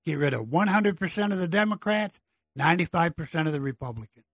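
Husky, exasperated middle-aged man ranting. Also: fairly high pitch, animated, quick pace, dry recording. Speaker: political commentary host. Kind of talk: opinionated political monologue.

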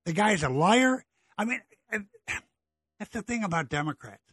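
A man's voice: high-pitched, big pitch swings, normal speed, fairly bright tone, slightly rough, no room sound. A middle-aged man hosting a blunt, exasperated political monologue, ranting about government and politicians. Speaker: political commentary host.

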